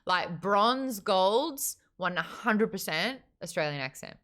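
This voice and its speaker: Animated woman hosting a book club. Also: mid-range voice, takes it slowly. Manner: animated, swears freely, laughs often. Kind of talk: casual chat.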